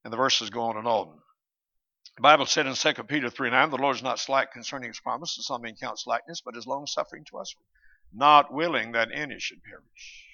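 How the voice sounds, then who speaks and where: A man's voice: mid-range voice, vocal fry, pushed and bright. A man preaching a sermon, arguing his points emphatically and quoting scripture, with his volume rising and falling. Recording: dull lo-fi recording.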